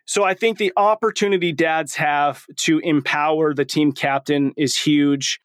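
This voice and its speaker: A man's voice: on the high side, steady tone, unhurried, few pauses, fairly bright tone, no echo, clean studio sound. A man in his forties hosting a podcast, talking in a casual, slangy and enthusiastic way. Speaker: podcast host.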